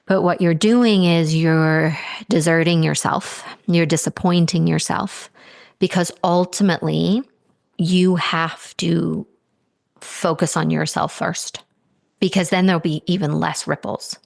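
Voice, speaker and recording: A soft-spoken woman coach with a fairly low, gravelly voice, talking in a slow, soothing and affectionate way. She sounds close to the mic in a dry, dead room with no echo. Her talk leans on drawn-out phrasing and gentle reassurance. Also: steady tone. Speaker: podcast host and spiritual coach.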